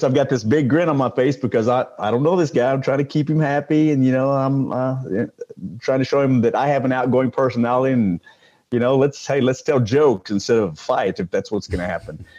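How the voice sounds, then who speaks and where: Rambling older man, dark muffled voice. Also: medium pitch. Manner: rambling, with many fillers and restarts. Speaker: guest, retired police sergeant. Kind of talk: casual interview storytelling.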